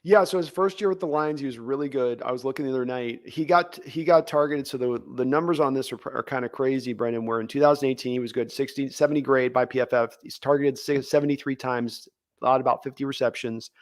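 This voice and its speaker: Male podcast co-host, fast and rambling, recorded dry. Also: mid-range voice, dry recording. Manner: rapid, rambling, frequent restarts. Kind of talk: casual sports chat.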